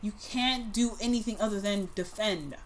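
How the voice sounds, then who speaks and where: A woman's voice: mid-range voice, moderate pace, a little hiss or hum. Blunt, swearing woman reading tarot. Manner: blunt, swears freely, talks straight to viewers; lively, jumps between soft musing and loud outbursts. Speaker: tarot reader. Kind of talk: casual tarot reading to camera.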